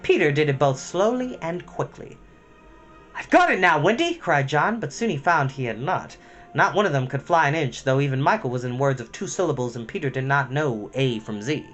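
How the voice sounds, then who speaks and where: A man reading a storybook aloud at bedtime, expressive and dramatic with a gentle touch. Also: mid-range voice, fairly quick, soft background music.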